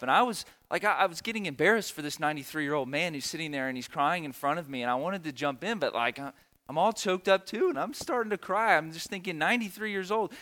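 Preacher guy, middle-aged, kinda high bright voice, earnest and emotional, keeps repeating himself for emphasis. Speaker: pastor. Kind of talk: sermon storytelling.

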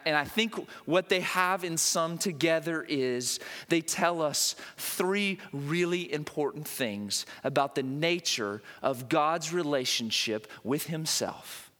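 A high, lively male voice preaching a sermon in a church, rising and falling with wide swings. He talks emphatically and often doubles back on words as he builds a point. A long hall reverb trails behind every phrase. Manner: animated, repeats words while building emphasis. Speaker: pastor.

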